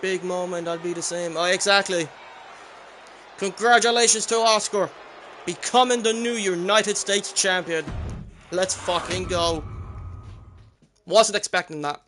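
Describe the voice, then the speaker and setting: Excitable high-voiced young man commentating. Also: unhurried, pauses often, faint music behind. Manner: excitable, often shouting, swearing in excitement. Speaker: wrestling commentator.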